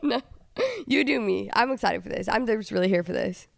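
A young woman co-hosting a podcast, chatting casually and telling stories in a fast, animated way. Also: mid-range voice, gravelly, no echo, clean studio sound. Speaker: podcast co-host. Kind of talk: casual chat.

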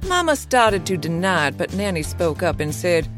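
A woman narrating a horror story in a measured, dramatic storytelling voice. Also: lowish voice, big pitch swings, faint music behind. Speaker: guest narrator.

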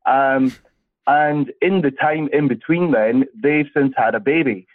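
A man's voice: mid-range voice, unhurried. A Scottish man in his thirties, calling in and chatting casually, with a friendly, rambling way of talking. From Scotland. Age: 30s. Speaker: caller. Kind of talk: casual chat. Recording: tinny phone line.

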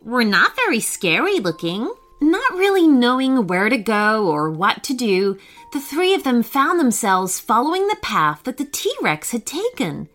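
A woman reading a children's story aloud, expressive, giving voices to each character. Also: on the high side, measured pace.

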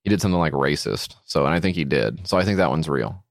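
A man's voice: very deep voice, animated, fast talker, gravelly, dry recording, clean studio sound. A man co-hosting a podcast in casual comedy chat, joking, swearing casually and playing mock-indignant. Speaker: podcast co-host.

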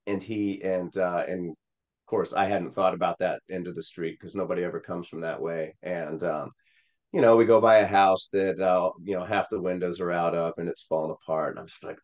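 A man from Missouri with a low voice tells a personal story as a guest in an interview. He speaks earnestly, with plenty of restarts and fillers as he goes. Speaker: political candidate, guest.

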